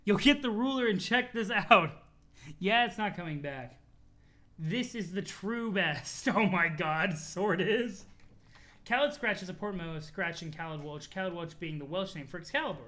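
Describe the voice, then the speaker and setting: A streamer casually chatting with viewers and reading a webcomic aloud, in an animated, chatty way with casual swearing. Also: medium pitch, normal speed. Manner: thanks chat followers, talks to viewers.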